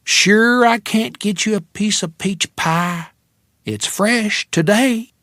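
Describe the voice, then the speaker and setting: A man's voice: sits high, slow, a bit bright, no echo, studio quality, pitched above the performer's own voice. A man voicing a chatty Texan airport waitress with a strong Texas accent in an audiobook, pushing more food on a customer in a drawling voice. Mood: eager, friendly. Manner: drawling, pushy hospitality. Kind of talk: audiobook character voice.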